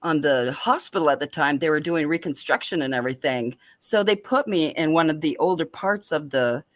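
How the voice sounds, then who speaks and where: Woman, lower voice, dry close sound, animated personal storytelling. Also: brisk, dry recording. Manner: lively, animated retelling with laughter. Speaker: open mic guest.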